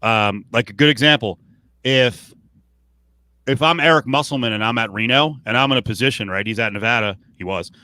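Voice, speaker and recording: A man co-hosts a casual sports podcast, his voice bright and forceful. He rambles with restarts and fillers and swears freely. The sound is close and dry, with no room around it. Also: medium pitch, a little fast, no echo. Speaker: podcast co-host.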